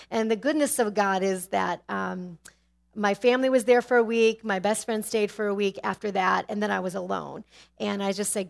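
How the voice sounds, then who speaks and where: A middle-aged woman sharing a personal faith testimony, candid and animated, with sudden drops to a hushed tone. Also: mid-range voice, creaky.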